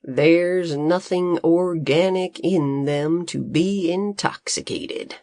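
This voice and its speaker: A woman voicing a wiry, self-assured male farmer in a storybook reading, speaking calmly and slowly. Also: on the low side, no echo. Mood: steady.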